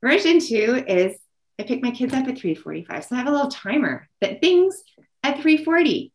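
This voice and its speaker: A woman's voice: high-pitched, very animated, moderate pace, low-quality recording. A woman presenting an online parenting workshop, telling a story from her own family and acting out what she says to her children.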